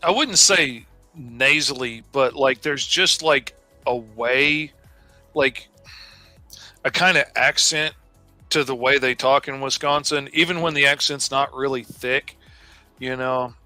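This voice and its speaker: A man's voice: medium pitch, slow pace, bright, forceful tone, no echo, faint music behind. A middle-aged man, chatting easygoing on a livestream, full of "you know"s. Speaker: artist co-host. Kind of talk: casual chat on a livestream.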